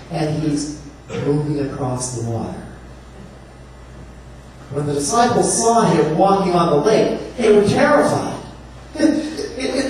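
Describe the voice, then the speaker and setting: A man preaching a sermon, telling the story in an animated, humorous way and acting out voices. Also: sits high. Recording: echoey room from far off, faint noise.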